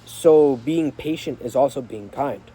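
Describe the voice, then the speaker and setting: A young man vlogs outside in the rain as a vehicle goes by, telling a story full of slang and filler words and acting out the lines in varied tones. He speaks in a mid-range, dark, slightly rough voice at a measured pace.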